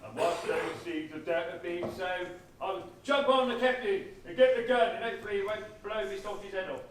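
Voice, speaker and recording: A man's voice: high-pitched, brisk, a little hiss or hum, close to an everyday voice. Eager rambling old soldier, played by a man on stage; distant echoey hall sound. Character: eager elderly male lance corporal veteran. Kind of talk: amateur stage comedy performance.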